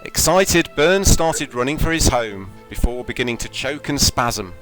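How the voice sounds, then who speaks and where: A man at mid pitch runs a tabletop game from home. He tells the story in a steady, measured way and moves easily into rules talk. Faint music sits behind him. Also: poor audio. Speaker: game master.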